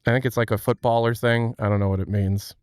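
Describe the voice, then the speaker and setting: A man's voice: mid-range voice, fairly even intonation, quick pace, darkish tone, clean tone, dry recording, clean studio sound. A young man from Ohio, chatting on a livestream in a rambling, self-deprecating way. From Ohio, USA. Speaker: streamer. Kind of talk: casual livestream chat.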